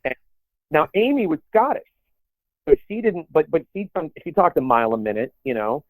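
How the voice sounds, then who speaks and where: A man's voice: on the high side, big pitch swings, normal speed, dry recording. A man co-hosting a podcast in casual chat, rambling with many restarts and put-on quotes. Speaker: podcast co-host. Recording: tinny phone-like sound, dry.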